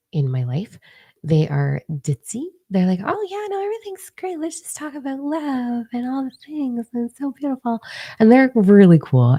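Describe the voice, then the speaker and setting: A middle-aged woman telling a story in a blunt, profane, animated manner to her viewers. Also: low voice, vocal fry, dry recording, studio quality. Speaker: spiritual video creator. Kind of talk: casual storytelling monologue.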